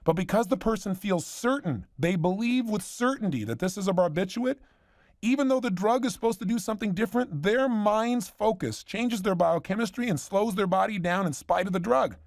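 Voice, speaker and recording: A man's voice: sits high, expressive, a little fast, no room sound, clean studio sound. A man giving a motivational seminar talk, telling a story with emphasis. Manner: emphatic storyteller, retelling conversations. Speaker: motivational speaker.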